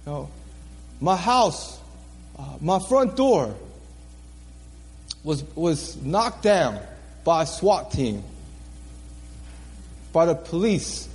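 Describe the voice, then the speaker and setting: A man's voice: fairly high pitch, very animated, drawn-out words, pauses often, darkish tone, big-room sound. A man preaching a sermon, telling his own story earnestly, repeating phrases for emphasis and laughing at himself. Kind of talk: sermon testimony.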